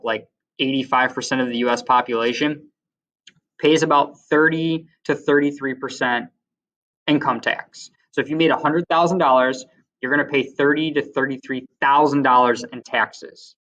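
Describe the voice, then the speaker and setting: A man's voice: medium pitch, fairly even intonation, normal speed, fairly bright tone. A man giving a casual classroom lecture as a teacher, chatty and full of fillers, with side stories. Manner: chatty, many fillers, tells anecdotes. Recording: distant, dull lo-fi recording.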